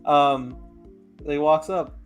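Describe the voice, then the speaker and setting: A young man hosting a casual fan review podcast, excitedly recounting scenes and acting out lines. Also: on the high side, drawn-out words, clear, resonant tone, faint music behind. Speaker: podcast host.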